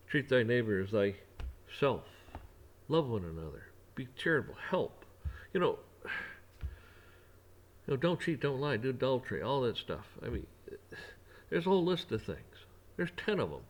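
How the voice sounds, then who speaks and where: Brief: male vlogger, preachy rambling rant, ordinary mid-range voice. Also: medium pitch.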